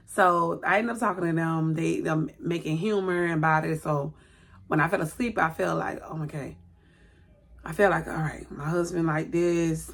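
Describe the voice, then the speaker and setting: Gravelly-voiced woman telling a personal story. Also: sits low, a bit bright. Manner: chatty, rambling, self-correcting. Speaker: vlogger. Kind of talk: casual storytelling to camera.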